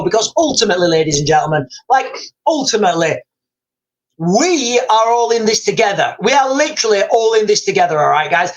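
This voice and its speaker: A man's voice: high voice, low-quality recording. A man hosting a live stream, chatting casually and rambling, with many restarts and asides to viewers. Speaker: livestream host.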